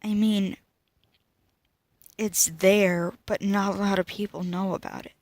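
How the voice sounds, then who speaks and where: A teenage girl speaking to camera about her own life, emotional and halting, often dropping to a whisper. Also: mid-range voice, flat delivery, a little mellow, no room sound, studio quality. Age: teens. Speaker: student vlogger. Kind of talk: personal talk to camera.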